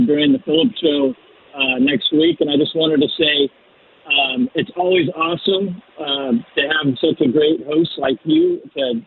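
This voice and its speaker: A man's voice: fairly high pitch, creaky, slightly rough. A man calling in to a radio show, rambling with lots of ums over a phone line. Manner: rambling, many ums, laughs along. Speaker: caller. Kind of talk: phoning in to a talk show.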